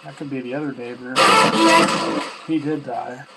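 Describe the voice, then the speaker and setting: A man's voice: mid-range voice, normal speed, over loud music, low-quality recording. A man at home running a ghost box session, who chats casually, asks spirits questions aloud and teases them about their answers. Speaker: paranormal investigator hosting a ghost box session. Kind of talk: casual spoken commentary while questioning spirits. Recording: steady static hiss from a ghost box.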